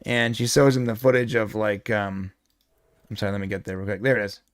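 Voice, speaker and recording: A man's voice: lowish voice, flat delivery, fairly quick, dry recording, studio quality. A man co-hosting a casual pop culture podcast, rambling and joking with frequent restarts. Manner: rambling, jokey, many restarts. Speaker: podcast co-host.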